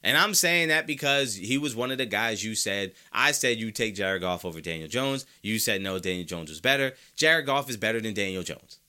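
Sick, animated man ranting about sports. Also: on the low side, moderate pace, few pauses. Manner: emphatic, repeats points for effect. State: sick, congested. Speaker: podcast host. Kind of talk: opinionated sports talk.

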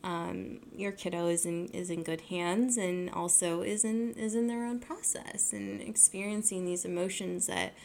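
A woman's voice: lowish voice, steady tone, a little slow, gravelly, hardly any pauses, darkish tone, slight background noise. A young adult woman hosting her own podcast, talking casually in a rambling way, full of fillers and self-corrections. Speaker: podcast host. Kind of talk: casual solo podcast talk.

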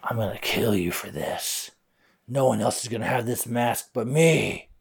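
A man voicing a greedy, menacing boy bully in a bedtime story, muttering low threats. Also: moderate pace, gravelly, husky.

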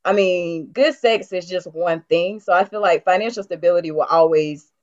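A woman in casual chat calmly giving her opinion. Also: on the low side, normal speed. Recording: dull lo-fi sound.

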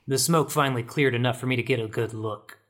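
A man voicing a hardboiled male noir detective who narrates and talks in a wry, deadpan way. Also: mid-range voice, fast talker, close to an everyday voice. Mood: dry. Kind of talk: noir audio drama narration.

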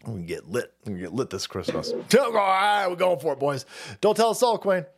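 Brief: a loud, swearing male streamer with a slightly high, bouncy voice, rambling through chat reads. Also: very animated, normal speed, gravelly. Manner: rowdy, foul-mouthed, rambling with restarts. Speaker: livestream host reading viewer chats. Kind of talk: casual profane stream commentary.

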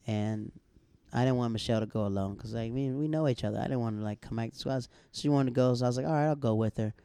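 A man's voice: medium pitch, fast talker, dark tone, clean tone, no room sound. A man chatting casually as a podcast co-host, telling a story animatedly, acting out other people's lines and laughing often. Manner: laughs often while talking. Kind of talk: casual chat.

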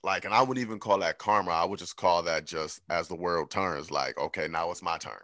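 Deep-voiced, bright-toned man chatting candidly. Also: brisk, dry recording, clean studio sound. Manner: candid, reflective, animated when quoting himself. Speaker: podcast co-host. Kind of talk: casual chat.

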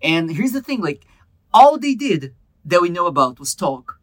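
Bright-voiced man telling a story. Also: high voice, moderate pace, no echo. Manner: animated, restarts a lot, mimics others in quotes. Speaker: podcast co-host. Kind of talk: casual storytelling chat.

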